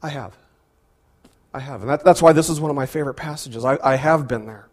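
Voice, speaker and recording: A pastor preaching a sermon, animated and full of rhetorical questions, often repeating words as he goes. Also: medium pitch, brisk.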